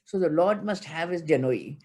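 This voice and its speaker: A woman speaks, giving a spiritual discourse. Her voice sits fairly low. She chants Sanskrit verses and then explains them in an earnest, emphatic way. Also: expressive, normal speed, dark tone, slightly rough. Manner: earnest and emphatic, with light laughs. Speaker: spiritual teacher.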